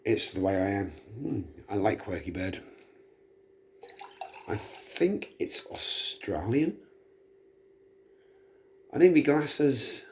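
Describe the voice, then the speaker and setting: A man's voice: fairly low pitch, sing-song, slow, pauses often, darkish tone, a little hiss or hum. A middle-aged man, tipsy, rambling chattily and self-deprecatingly in a casual monologue. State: tipsy from drinking. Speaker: vlogger.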